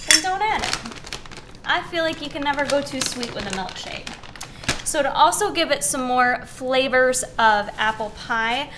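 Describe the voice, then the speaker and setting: A woman's voice: on the high side, a bit bright, slight background noise. A young woman hosting a casual recipe demonstration, chatty and upbeat, with lots of "um" and "like". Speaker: fitness recipe host.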